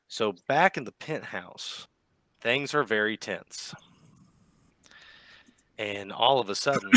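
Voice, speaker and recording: Bright-voiced man running a tabletop game. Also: lowish voice, no echo. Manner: casual, animated storytelling. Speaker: game master.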